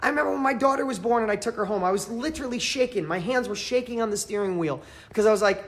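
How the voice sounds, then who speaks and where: A man coaching a live audience in a motivational training, emphatic and fervent, repeating phrases for emphasis and swinging between loud and quiet. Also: high-pitched, fast talker. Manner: fervent, emphatic, pep-talk delivery.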